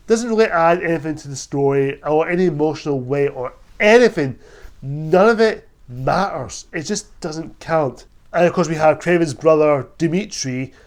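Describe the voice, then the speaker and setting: A man's voice: on the high side, darkish tone. A young man reviewing a movie on his own, blunt and exasperated, often repeating himself. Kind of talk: solo film review rant.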